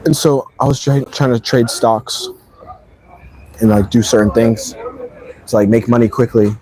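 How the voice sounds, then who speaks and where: A man's voice: mid-range voice, fairly even intonation, measured pace, mellow, poor audio. A man vlogging, telling a personal story in a rambling, emphatic way full of slang. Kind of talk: casual storytelling.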